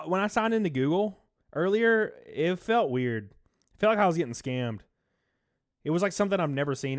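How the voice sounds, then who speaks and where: A man live streaming, chatting casually, swearing, laughing often and reading chat aloud in a low-key mood. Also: no room sound, studio quality.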